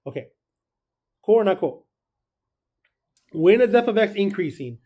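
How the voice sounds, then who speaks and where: A man's voice: high-pitched, expressive, measured pace, mellow. A man teaching a calculus lesson, explaining rules in a chatty way and often asking the class if they follow. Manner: chatty, checks in with students. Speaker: math teacher. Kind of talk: recorded classroom lecture.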